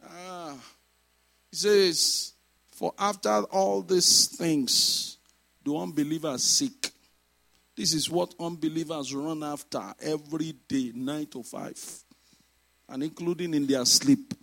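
A man preaching a sermon, emphatic, moving between shouted exhortations and quiet asides. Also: on the high side, unhurried, vocal fry.

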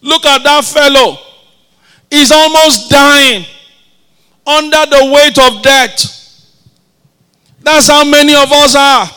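High-voiced, slow-preaching male pastor. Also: pushed and bright. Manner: call-and-response exhortation, repeats phrases for the congregation. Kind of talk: sermon.

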